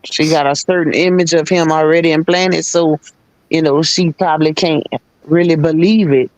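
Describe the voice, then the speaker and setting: A man with a slightly high voice co-hosts a live stream in casual chat. He backs the speaker up with short affirmations and questions. His voice sounds dry and close. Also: steady tone, normal speed, no echo, low-quality recording. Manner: supportive listener with short affirmations.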